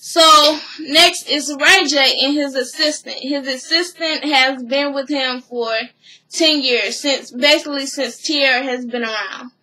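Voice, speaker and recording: A woman's voice: high-pitched, measured pace, bright, forceful tone, rough recording. A woman casually recapping a reality show episode, rambling along with plenty of "you know" and "or whatever".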